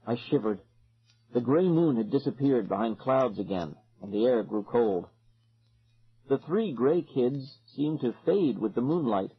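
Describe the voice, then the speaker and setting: A man narrates a horror audiobook in the first person, with a husky, breathy voice and a lively, swinging delivery. The audio is dull and lo-fi, like an older recording. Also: mid-range voice, measured pace. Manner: dramatic, expressive.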